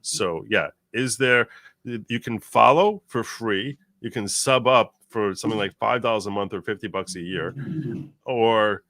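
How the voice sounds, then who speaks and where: Casting note: man, low-ish pitch, bright forceful tone, animated rambling guest, dry close sound. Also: a little slow, no room sound. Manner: animated, rambling, many restarts. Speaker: guest commentator. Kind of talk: casual chat.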